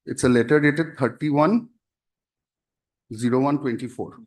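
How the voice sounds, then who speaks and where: A man arguing a case as an advocate in a courtroom, formal and halting, constantly addressing the bench. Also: mid-range voice, darkish tone. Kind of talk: courtroom argument.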